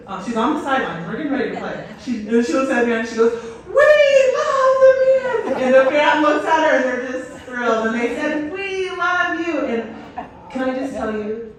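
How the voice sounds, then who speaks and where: A woman's voice: medium pitch, a little hiss or hum. A woman coach giving an enthusiastic storytelling speech to a stadium crowd, with many fillers. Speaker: head volleyball coach, guest speaker. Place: outdoor stadium. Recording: echoey stadium PA from far off.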